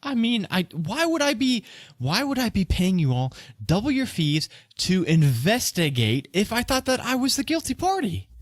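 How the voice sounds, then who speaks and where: A man's voice: high-pitched, big pitch swings, a bit bright, no echo, studio quality, voice pushed up. A man voicing a fussy, defensive noble merchant who protests indignantly. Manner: indignant, protesting, talks fast.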